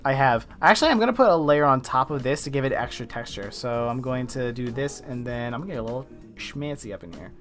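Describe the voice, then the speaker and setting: Chill guy streaming his art, rambly, keeps fixing what he just said, lofi beats low in the back. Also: lively intonation, quick pace, a bit bright. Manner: rambling, self-correcting, laid-back. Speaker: streamer drawing live. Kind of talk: casual chat while drawing. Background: faint lo-fi music.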